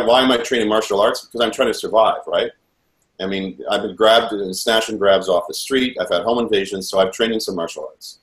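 A man as an interview guest, telling a personal story in an earnest, rambling way with frequent restarts. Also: fairly low pitch. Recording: roomy echo.

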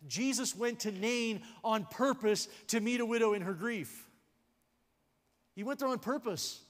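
A man pastor preaching a sermon, animated and jokey, dropping to a hush for weight. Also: very high-pitched, measured pace. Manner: jokey asides. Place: church sanctuary. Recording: long hall reverb in a church sanctuary.

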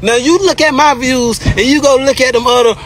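Squeaky-voiced man, boastful livestream rant, profane and repetitive. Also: fairly even intonation, brisk, a bit bright. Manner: brash, repetitive, profane, taunting. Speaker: rapper ranting on a livestream.

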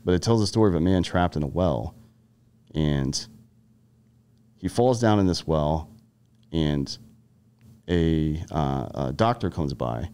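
Deep-voiced blunt, profane veteran man. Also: slow pace, pauses often, mellow, clear, resonant tone. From Carolinas, US. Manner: blunt, profane, storytelling with frequent restarts. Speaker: podcast guest, army veteran. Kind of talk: casual podcast conversation.

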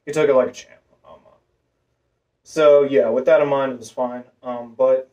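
A vlogger with a masculine voice telling a long personal story in a rambling way, full of fillers and restarts. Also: male voice, mid-range voice, fairly even intonation, moderate pace, mellow. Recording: voice a bit far from the mic.

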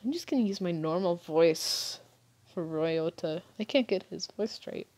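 A woman's voice: on the low side, lively intonation, unhurried, darkish tone. A woman playing and reading a story game aloud, with playful, gushing asides. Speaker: game player. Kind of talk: casual let's-play commentary.

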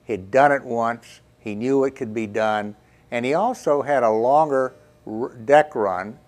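Male interviewee, slow unhurried explainer, mid pitch, casual restarts. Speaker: interviewed expert. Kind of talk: documentary interview.

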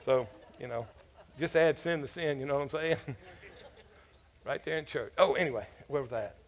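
A man pastor speaks at normal speed in a voice on the high side, preaching in church. His sermon is casual and full of jokes and stories, with asides to the listeners.

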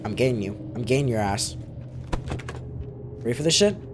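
A man reacting out loud as he plays a horror game, jumpy and foul-mouthed, talking back to the game. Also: mid-range voice, expressive, normal speed, noisy background. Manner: jumpy, swears a lot, talks back to the game. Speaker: gaming video creator. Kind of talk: live reactions while playing a horror game.

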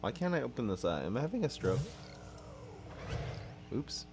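A young man giving casual, excitable gameplay commentary and teasing banter to his viewers. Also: medium pitch, moderate pace, gravelly, noisy background. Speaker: streamer. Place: dim room at his parents' home.

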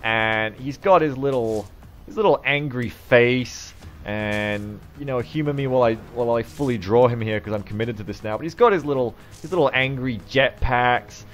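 A man giving live gameplay commentary, excitable, swearing often and shouting at the game. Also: mid-range voice, moderate pace. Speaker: game streamer.

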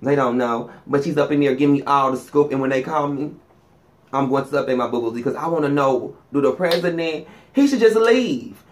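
Sassy flamboyant man, slightly high voice. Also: expressive, fairly quick, slight background noise. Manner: sassy, flamboyant, swings pitch up and down for emphasis. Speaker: vlogger. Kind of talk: profane comedic gossip monologue.

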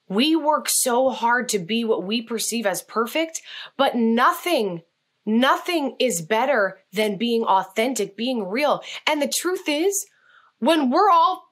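A woman telling stories in an interview, animated and acting out the voices in her quotes. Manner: animated, acts out quotes with big pitch jumps. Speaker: guest, actress and communication coach. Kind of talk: storytelling in an interview.

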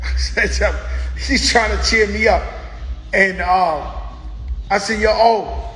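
A man's voice: high voice, slow, a bit bright. Profane, boisterous male talk-show host. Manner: boisterous, profane storyteller who acts out quotes. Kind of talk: casual monologue to viewers. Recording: roomy echo with long reverb.

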